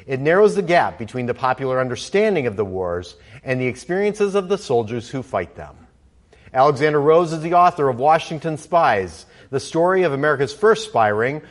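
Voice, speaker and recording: Casting: male event host, mid-pitched, formally reading a speaker introduction. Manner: formal, read from a script. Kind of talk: read introduction. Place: museum lecture hall.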